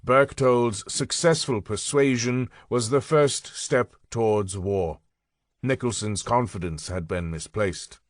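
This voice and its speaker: A man narrates history in an even, mid-pitched voice, taking his time and leaning on important phrases. The recording is dry and close, with no room sound at all. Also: slow pace, no room sound. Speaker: audiobook narrator.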